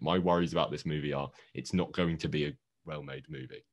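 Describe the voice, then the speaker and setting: A man's voice: sits low, fairly even intonation, fairly quick, fairly bright tone. A man co-hosting a podcast in casual chat, joking and tripping over words with a laugh. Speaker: podcast co-host.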